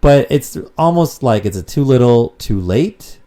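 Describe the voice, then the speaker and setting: A man's voice: medium pitch, lively intonation, unhurried, mellow. A man co-hosting a casual podcast, rambling and swearing freely as he chats. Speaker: podcast co-host.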